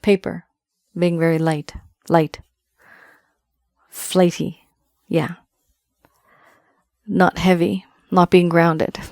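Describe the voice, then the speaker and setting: Low-voiced woman giving a musing tarot reading. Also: level tone, very slow, creaky, long pauses, darkish tone, no echo, clean studio sound. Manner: musing, intuitive, talks straight to viewers. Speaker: tarot reader. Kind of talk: solo tarot card reading to camera.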